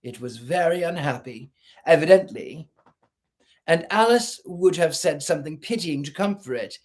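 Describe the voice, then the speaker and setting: Man reading a storybook aloud, higher voice. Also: moderate pace. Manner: expressive, shifts into character voices.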